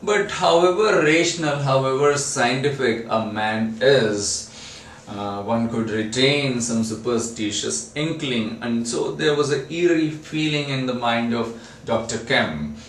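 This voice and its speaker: A man retells a novel chapter for a class, halting and restarting often. He talks slowly. The mic is some way off in an echoey room with a faint background hum. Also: medium pitch. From India. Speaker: literature lecturer. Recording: roomy, distant mic, faint ambience.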